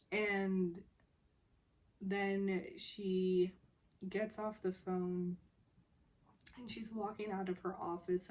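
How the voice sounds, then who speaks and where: Slow, giggly woman recapping a drama. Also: fairly low pitch, a little mellow, slight background noise. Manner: giggly, retells scenes by quoting characters. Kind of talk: casual recap monologue.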